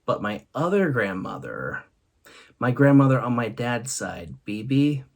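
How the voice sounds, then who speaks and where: A man's voice: medium pitch, very animated, unhurried, gravelly. A man hosting a vlog, telling comic stories and laughing often between punchlines. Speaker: host. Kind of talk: comic storytelling monologue.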